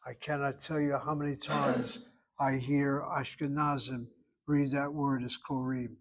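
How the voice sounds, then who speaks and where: A man's voice: medium pitch, level tone, measured pace. A man teaching a Hebrew grammar lesson, patiently explaining verb forms and careful pronunciation.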